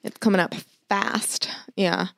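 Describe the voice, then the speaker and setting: A woman's voice: medium pitch, fairly even intonation, measured pace, vocal fry, a bit bright, no room sound. Rambling young woman, dry close sound. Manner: rambling, swearing, frequent fillers and restarts. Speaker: podcast co-host. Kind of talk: casual chat.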